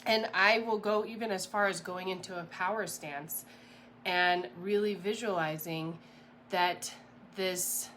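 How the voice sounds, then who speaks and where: A woman giving a casual motivational talk as a mindset coach, chatty and animated, rambling with fillers and quick laughs. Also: lowish voice, slight background noise.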